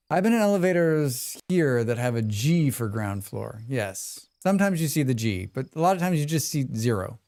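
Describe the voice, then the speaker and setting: Medium-pitched and a little mellow, an American man chats to his live chat very animatedly at normal speed with hardly any pauses. While playing a game, he rambles through asides and reads tutorial text aloud.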